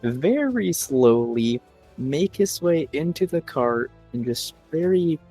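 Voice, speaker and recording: A man's voice: a little high, sing-song, slow, warm tone, soft background music. A man playing a tabletop game who casually explains his character's actions in the third person.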